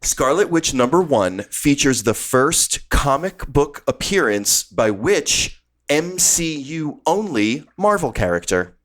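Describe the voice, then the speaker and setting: Man, podcast host, giggly banter, lively up-and-down voice, a bit high. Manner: playful, giggly, quick banter. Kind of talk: casual comedy chat.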